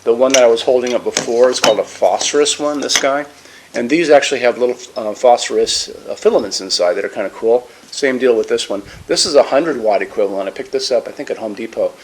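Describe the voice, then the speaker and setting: A man's voice: mid-range voice, quick pace, a little hiss or hum. Guy showing off a floor lamp, easygoing and upbeat, um-ing a lot, faint clinks of dishes behind him. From United States. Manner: casual, enthusiastic, many fillers and restarts. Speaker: lighting store presenter. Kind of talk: product demonstration.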